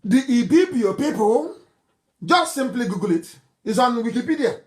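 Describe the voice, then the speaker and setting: A man's voice: extremely high pitch, animated, moderate pace. A middle-aged man with a Nigerian accent giving a fiery live broadcast speech, mocking and scornful, often breaking into laughter. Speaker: political broadcaster.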